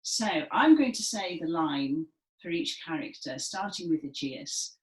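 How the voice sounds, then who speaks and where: A woman leading a gentle seated movement session, speaking clearly and encouragingly with some dramatic emphasis. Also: low voice, expressive, unhurried. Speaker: movement and music session leader. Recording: echoey room.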